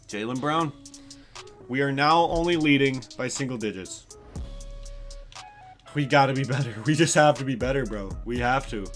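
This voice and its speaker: A young man giving excited play-by-play commentary over a basketball video game, hyping big plays, sometimes yelling and casually swearing. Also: medium pitch, normal speed, pauses often, faint music behind. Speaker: gaming YouTuber.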